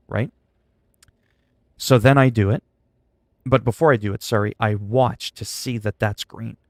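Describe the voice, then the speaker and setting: Man, gravelly, sarcastic, venting, casual stream talk, dry sound. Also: fairly low pitch, no room sound. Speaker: livestreamer. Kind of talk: ranting casual stream chat.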